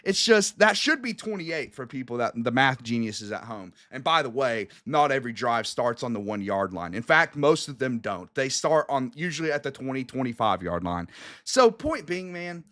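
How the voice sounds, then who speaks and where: A man's voice: very animated, normal speed, fairly bright tone. A young man co-hosting a casual sports podcast, emotional and exclamatory as he breaks down a loss. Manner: emotional, exclamatory, swinging up and down in pitch. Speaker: co-host.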